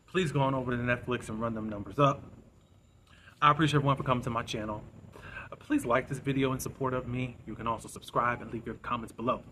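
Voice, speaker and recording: A man hosting his own channel, chatting casually through a recap of a TV episode and filling in the scenes with quick asides and "da, da, da.". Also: mid-range voice, fairly even intonation, sharp tone, slight background noise.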